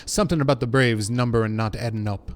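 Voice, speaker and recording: A man reading the part of a gruff, blunt mercenary officer in a game, speaking the written dialect plainly. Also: mid-range voice, quick pace, close to an everyday voice. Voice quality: rough working-class dialect as written. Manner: plain read-aloud delivery.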